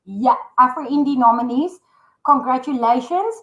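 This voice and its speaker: A woman's voice: high-pitched, normal speed, a bit bright, roomy sound, lo-fi sound. A woman with an Afrikaans South African accent, a guest on a live video call, bubbly and teasing and slipping into Afrikaans. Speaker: guest, awards organiser. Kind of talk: playful live-stream chat.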